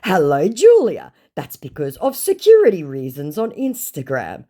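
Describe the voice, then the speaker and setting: Woman voicing a scammer guy, gushing, pushy, sweet-talking, high and bouncy. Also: wildly swooping pitch, normal speed, dark tone, exaggerated voice. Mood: smooth. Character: smarmy male scammer posing as lottery winner.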